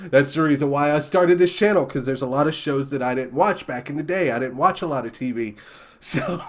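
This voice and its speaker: A young man hosting a casual TV reaction video, telling a lively story and laughing often. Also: a little high, brisk. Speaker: reaction channel host.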